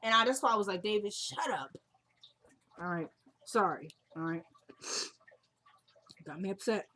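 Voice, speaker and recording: A woman's voice: medium pitch, normal speed, bright, forceful tone. A young woman casually recapping a TV drama episode, retelling scenes and quoting the characters in a chatty way.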